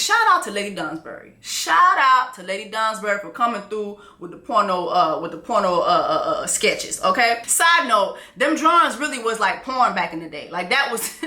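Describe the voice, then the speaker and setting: Animated, slangy woman recapping a show. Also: medium pitch, normal speed, echoey room. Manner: animated, laughing, slangy, acts out characters' lines. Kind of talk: casual profane recap commentary.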